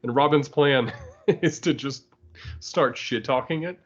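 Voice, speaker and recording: A man's voice: mid-range voice, unhurried, dull audio. Giggly man recapping a comic. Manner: laughs often, rambling recap. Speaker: podcast host. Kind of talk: casual comic-book discussion.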